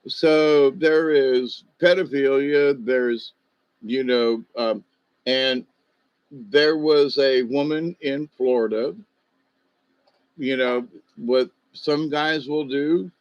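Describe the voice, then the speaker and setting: A man rambles through folksy stories in a loose monologue, tossing in fillers and asides. His voice sits at a middling pitch. The recording is dull and lo-fi, with a dry, close sound. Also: fairly even intonation, extremely slow, smooth, no echo.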